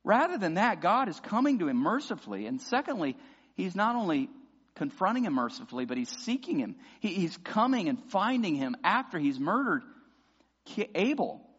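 A man preaching a sermon as pastor, passionate and building to loud emphatic peaks. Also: high voice, big pitch swings, normal speed, husky. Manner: impassioned preaching, voices imagined prayers loudly. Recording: dull sound with long hall reverb.

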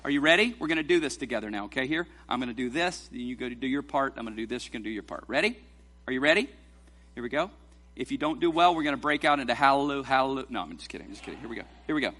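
A man preaching a sermon in a church, reading scripture slowly and leading the congregation in a playful responsive reading. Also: medium pitch, lively intonation, pushed and bright. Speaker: pastor. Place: church sanctuary.

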